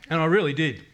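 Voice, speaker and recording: With a voice that's a little high and fairly bright, a middle-aged man stands before his congregation as a parish member giving a testimony. His faith story wanders candidly, with frequent restarts and prayers quoted aloud.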